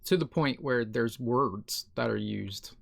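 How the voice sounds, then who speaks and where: A mid-pitched man from Ohio talks casually as a podcast co-host. His voice has a gravelly edge. He rambles, stops to restart, and fills his pauses with "um.". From Ohio, USA. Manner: rambling, filler-heavy, self-correcting. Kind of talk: casual chat.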